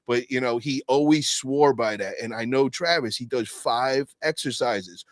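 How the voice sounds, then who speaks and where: A man's voice: medium pitch, moderate pace, hardly any pauses, a bit bright, dry recording. A man telling stories on a podcast in casual, profane chat, acting out quotes with big jumps in voice and peppering his talk with "bro".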